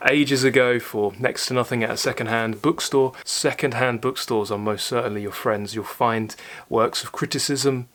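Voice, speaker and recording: A young man hosting his own channel, answering viewer questions in a thoughtful, earnest way, often pausing with fillers and restarting his sentences. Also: mid-range voice, steady tone, a bit bright. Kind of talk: casual solo talk to camera.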